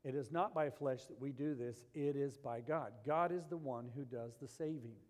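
A man preaching a sermon, animated, swinging between loud emphasis and quiet, intense passages. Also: medium pitch, moderate pace, in a large hall. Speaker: pastor.

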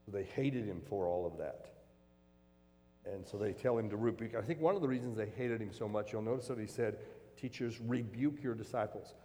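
Preaching man in a reverberant hall. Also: fairly low pitch. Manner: swings from hushed, slow reflection to loud, rising emphasis. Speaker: pastor. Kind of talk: sermon.

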